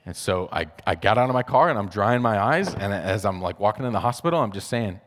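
A man's voice: lowish voice, animated, fairly quick, hardly any pauses, big-room sound. A man telling a personal faith testimony in a casual, conversational way, full of fillers and acted-out bits of dialogue. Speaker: speaker sharing a personal testimony. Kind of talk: testimony talk.

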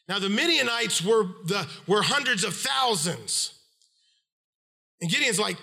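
Retelling a story from scripture, a middle-aged preacher speaks at normal speed with an expressive, bright and forceful tone. He performs the voices of the story's people, swinging his pitch up and down as he narrates.

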